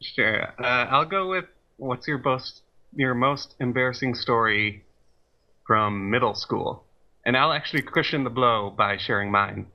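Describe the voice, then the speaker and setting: A young man about to start grad school, chatting in a low-key, hesitant way. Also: measured pace. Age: young adult. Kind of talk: casual chat. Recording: dull lo-fi sound.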